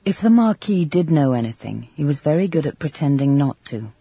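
A man narrating a literary novel in a measured, even storytelling manner, on a slightly dull, dry recording. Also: fairly high pitch, gravelly, slightly rough, no room sound. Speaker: audiobook narrator.

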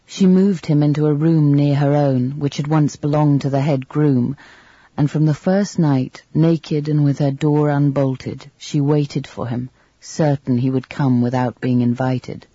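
Husky man narrating a literary novel. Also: on the high side, dry recording. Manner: measured, even storytelling. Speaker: audiobook narrator. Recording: slightly dull lo-fi audio, dry.

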